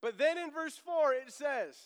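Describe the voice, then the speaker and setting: A man's voice: very high voice, unhurried. A middle-aged man preaching as pastor in a church sanctuary, chatty and joking, then bursting into emphatic proclamation. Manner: conversational preaching with humorous asides and emphatic outbursts. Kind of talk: sermon. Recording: long church reverb.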